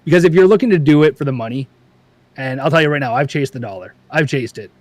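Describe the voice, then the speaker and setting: A man's voice: medium pitch, animated, quick pace, no echo. A man guest on a podcast, chatting casually and animatedly, acting out quoted voices as he tells stories. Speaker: paintball YouTube creator, guest.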